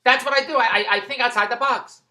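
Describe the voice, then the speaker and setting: A man's voice: very high voice, fairly even intonation, fast, bright, forceful tone. A man in a rambling monologue vlog, stumbling and restarting as he goes, amused at his own tangents. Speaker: vlogger.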